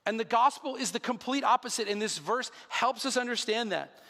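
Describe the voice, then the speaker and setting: A man's voice: very high-pitched, a little fast, bright, forceful tone. A man in his thirties, a pastor, preaching a sermon in an earnest, conversational way with self-deprecating asides. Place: church sanctuary. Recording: long hall reverb.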